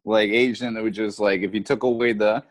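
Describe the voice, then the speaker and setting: A man's voice: lowish voice, level tone, a little fast, dry recording. A man co-hosting a podcast in crude casual banter, laughing often between lines. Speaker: podcast co-host.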